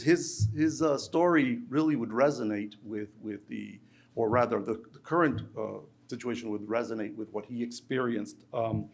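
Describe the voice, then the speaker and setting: Halting male researcher giving a lecture. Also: mid-range voice. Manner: halting, with frequent restarts and repeated words. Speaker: academic researcher giving a talk.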